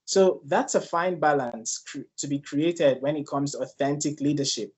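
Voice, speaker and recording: A man's voice: a little high, moderate pace, slightly rough. A man from Nigeria with a Nigerian accent, speaking earnestly and personally as a guest on a leadership panel discussion.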